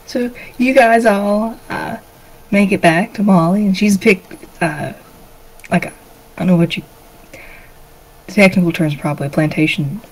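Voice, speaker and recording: A woman's voice: mid-range voice, a little slow, long pauses, soft background music, poor audio. Woman game master, casual narration with lots of "uh"s. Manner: relaxed, filler-heavy narration.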